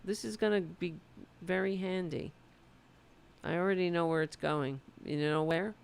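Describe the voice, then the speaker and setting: A woman from the United States hosting a political livestream, chatting loosely and swearing, her voice going hoarse. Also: lowish voice, normal speed. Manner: loose, profane, rambling. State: losing her voice. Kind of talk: casual livestream chat.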